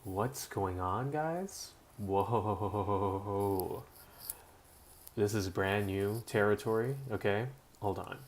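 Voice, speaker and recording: A man live-streaming casually from home, mumbling while adjusting his audio settings, his throat rough enough that he keeps clearing it. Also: lowish voice, measured pace. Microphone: built-in webcam or laptop mic.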